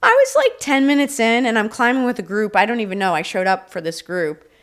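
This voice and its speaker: In a podcast interview, a middle-aged leadership coach tells stories with lots of energy, acting out quotes as she goes. Her voice is a little high and fairly quick.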